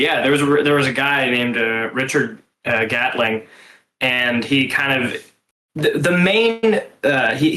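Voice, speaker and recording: A man rambles through an explanation in a casual online chat, stumbling over restarts. His pitch is middling. The call sounds roomy. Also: a bit bright. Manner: rambling, with false starts and laughs. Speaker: writers' group member. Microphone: computer mic on a voice call.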